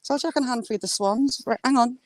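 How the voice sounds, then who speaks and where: A woman chatting casually on a walk by the water, filming on a handheld phone and cooing at ducks in a high sing-song voice. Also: fast, dry recording. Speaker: vlogger. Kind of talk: casual walking vlog. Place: outdoors by water.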